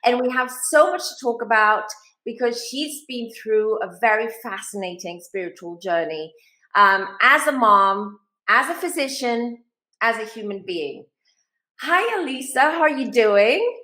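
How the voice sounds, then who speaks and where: A woman hosting an interview who introduces her guest and asks gentle, attentive questions. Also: a little high, expressive, measured pace, echoey room. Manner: gentle and attentive, with soft prompts. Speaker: show host.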